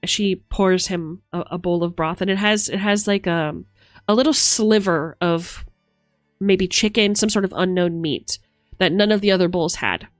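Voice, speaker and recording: A woman's voice: on the low side, moderate pace, no room sound, clean studio sound, soft background music. A woman running a tabletop game, narrating scenes in a chatty, descriptive way with many fillers. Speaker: game master.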